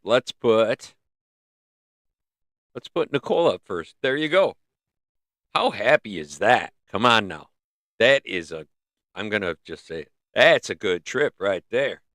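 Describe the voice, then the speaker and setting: A man's voice: lowish voice, animated, unhurried, long pauses, fairly bright tone, no room sound, clean studio sound. Rambling man hosting a livestream. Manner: rambling, musing, with many restarts. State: throat giving out. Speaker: livestream host. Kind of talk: casual livestream chat. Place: in northern North America. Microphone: close mic.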